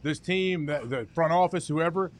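This is a male co-host on a sports talk show. His voice is slightly high. He works through his points casually and uses lots of fillers. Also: moderate pace. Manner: relaxed, explaining with fillers. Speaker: co-host, former football player.

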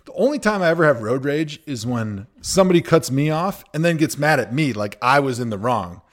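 A man's voice: medium pitch, animated, brisk. A man co-hosting a sports podcast, giving opinionated takes in a joking, rambling way. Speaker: podcast co-host, former NFL player. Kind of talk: casual sports chat.

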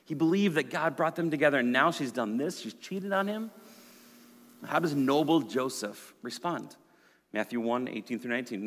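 A male pastor preaching a sermon in a conversational, storytelling way, swinging from loud to hushed. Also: mid-range voice, lively intonation, normal speed. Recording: long hall reverb.

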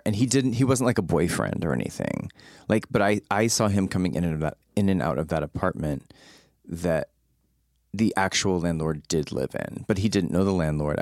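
A man guest in casual chat, telling stories with lots of energy and often jumping up in pitch. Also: moderate pace, dry recording, studio quality. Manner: animated storyteller, often jumping up high in pitch. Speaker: podcast guest.

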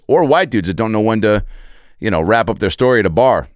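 A male comedian runs his podcast with lively storytelling and brings each character to life. His low voice is smooth and resonant, and it rises and falls freely. The sound is dry and close, with no room echo. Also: a little fast. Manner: animated, acts out voices in stories.

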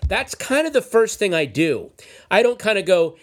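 A man in casual conversation, dry and joking, pushing back with deadpan logic. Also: sits high, normal speed. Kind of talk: casual chat.

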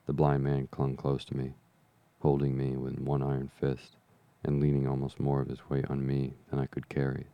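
A man reading an adventure novel aloud as an audiobook narrator, in measured, even storytelling. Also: rumbling low, creaky, no echo, lo-fi sound. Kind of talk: scripted narration.

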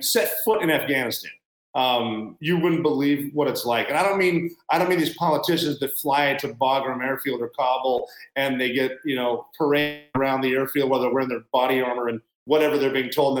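A man's voice: medium pitch, roomy sound, low-quality recording. A man in an interview as a former military guest, talking bluntly and sarcastically in a rambling casual way.

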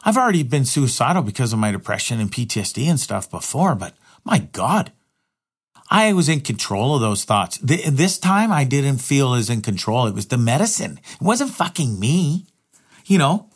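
A man's voice: medium pitch, sing-song, moderate pace, slightly rough. A middle-aged man vlogging a candid personal monologue, rambling and swearing heavily, often restarting his words. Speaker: vlogger and live streamer.

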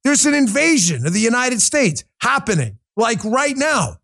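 A man's voice: very high voice, sing-song, normal speed, creaky, bright, forceful tone. A male talk show host doing political commentary, combative and sarcastic, firing rhetorical questions straight at his listeners.

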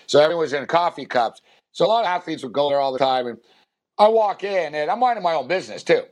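A man's voice: fairly high pitch, animated, quick pace. A man telling a long, rambling anecdote on a sports podcast, full of fillers and acted-out quotes. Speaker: podcast co-host. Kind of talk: casual storytelling.

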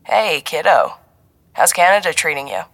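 A woman voicing a wry, fatherly male agency handler who speaks mildly and drops to a hush. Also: low-pitched, big pitch swings, normal speed, no echo, exaggerated voice. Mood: teasing. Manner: mild, teasing, then hushed and serious.

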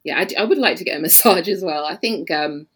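A woman from London with a London English accent, chatting as a podcast guest, laughing often and filling pauses with "um" and "you know.". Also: on the low side, a bit bright, breathy edge. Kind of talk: casual interview chat.

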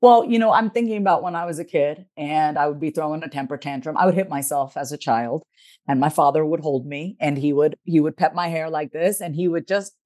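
A woman, a therapist and author, speaking as a podcast guest and explaining her ideas in a steady, reflective, teaching way. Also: low voice, fairly quick. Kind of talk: casual interview talk.

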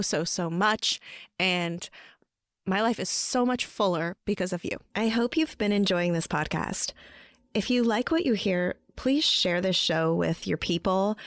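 A woman's voice: on the low side, dry recording, clean studio sound. A woman hosting her own podcast, talking casually in an upbeat, encouraging way, with lots of "like" and "okay?". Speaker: podcast host. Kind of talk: casual solo podcast talk.

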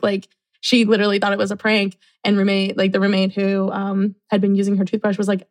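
A woman who works in university residence life, telling a story casually and acting out what people said in lively voices. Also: mid-range voice, a little fast. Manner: animated, acts out quotes.

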